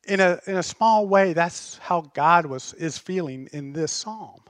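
A man's voice: high-pitched, expressive, unhurried, a bit bright, dry recording, studio quality. A man preaching a sermon as pastor, passionate and emphatic.

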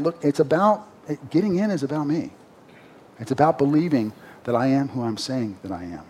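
A man's voice: on the high side, mellow, husky. A man preaching a sermon, explaining a Bible passage in a conversational way and rising emphatically when he reads the verses.

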